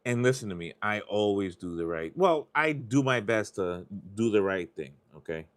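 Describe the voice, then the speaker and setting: Here a man's voice sits on the low side, moving at normal speed with lively intonation. Hosting a live stream, he scratches lottery tickets and chats casually, wandering into confessional tangents and swearing often.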